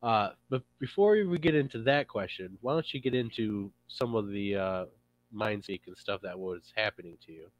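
Male host, low voice, casual filler-heavy questions. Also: lively intonation, normal speed, lo-fi sound. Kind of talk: casual interview.

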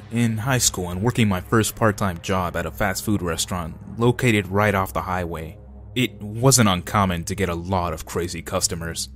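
A man narrating scary true stories in a steady, low-key way.

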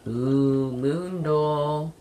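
A young woman giving playful let's play commentary on a game, shouting in bursts and slipping into silly voices. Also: deep voice, extremely slow, slight background noise. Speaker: gamer playing a horror game.

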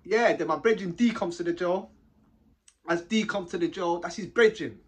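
A young man telling a story to camera in a casual, animated, slang-heavy way, often tagging lines with short questions. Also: high-pitched, moderate pace, husky. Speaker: vlogger telling a prison story.

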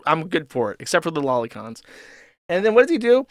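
A male commentary host rants in a sarcastic, profane, rambling way. His voice sits a little high for a man. The recording is dry and close. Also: lively intonation, normal speed, fairly bright tone, dry recording. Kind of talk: ranting online commentary.

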